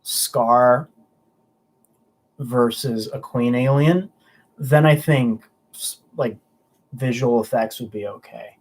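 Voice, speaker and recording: At a medium pitch with a darkish tone, a young man takes his time on a casual livestream, pausing often. He chats loosely and answers viewers in a rambling way, with frequent stumbling restarts.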